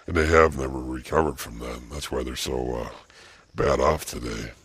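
An older man with an extremely deep, husky voice rants in an agitated monologue, repeating phrases and halting on fillers. His delivery is forceful and tense, and the recording is dry, with no room sound. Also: no echo. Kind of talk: angry ranting monologue.

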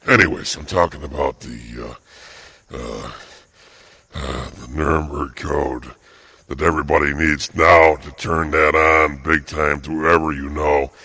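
An older man with an extremely deep, husky voice delivers an angry, agitated monologue, repeating phrases and stalling on fillers. He sounds forceful and tense, his intonation stays fairly even, and the recording is dry with no room sound.

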